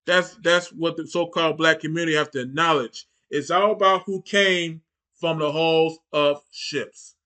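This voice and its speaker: A man's voice: fairly high pitch, steady tone, moderate pace, bright, forceful tone. A man hosting a reaction channel, giving heated, mocking commentary with lots of repetition.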